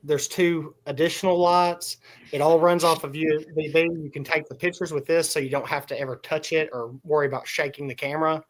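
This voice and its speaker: A man's voice: on the high side, steady tone, a little fast. A man co-hosting a podcast, explaining practical details in casual chat. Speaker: podcast co-host.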